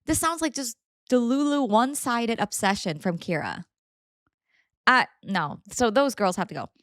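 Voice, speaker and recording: A young adult woman hosting a podcast, reading stories aloud and reacting with animated, indignant, dramatic commentary. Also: fairly high pitch, normal speed, no echo, studio quality. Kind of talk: casual story reading and commentary.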